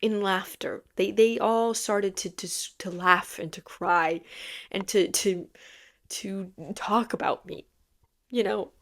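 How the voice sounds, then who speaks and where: A woman's voice: mid-range voice, slow pace. A young woman telling funny stories in a casual, self-mocking podcast chat, sometimes dropping to a whisper. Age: young adult. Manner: chatty, self-mocking, animated storytelling with frequent laughs and dropped whispers. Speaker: podcast host.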